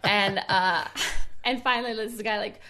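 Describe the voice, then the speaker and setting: A woman's voice: mid-range voice, measured pace. Playful female podcast co-host. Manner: playful, laughs easily, animated storytelling. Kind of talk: casual chat.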